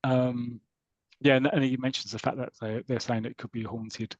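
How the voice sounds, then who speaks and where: A man's voice: medium pitch, level tone, moderate pace, no echo, lo-fi sound. A man co-hosting a podcast, casually retelling a comic story with rambling asides and quoted lines. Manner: rambling, retells plot with quoted voices and laughs. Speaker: podcast co-host.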